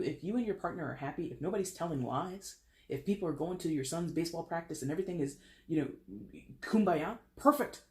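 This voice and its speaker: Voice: mid-range voice, darkish tone. A tarot card reader giving a casual monthly reading straight to the viewers, talking frankly with loose swearing and lots of pop-culture asides. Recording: roomy echo.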